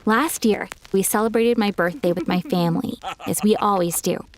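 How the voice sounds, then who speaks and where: A woman narrating an animated first-person story in a calm, reflective way. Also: mid-range voice, normal speed, a little hiss or hum.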